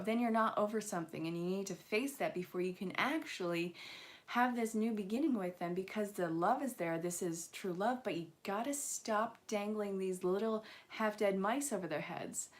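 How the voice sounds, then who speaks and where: A young woman reads angel cards live for her viewers, talking casually and easily. Her pitch sits in an ordinary middle range. She slips playful jokes in between her readings. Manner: playful, joking asides and frequent laughs. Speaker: angel card reader.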